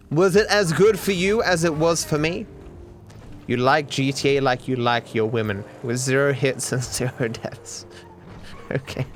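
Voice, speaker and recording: A man streaming a game, joking at his own expense, swearing freely and talking to his chat. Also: medium pitch. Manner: joking, profane, self-deprecating, talks to chat. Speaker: gaming streamer. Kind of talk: livestream gameplay commentary.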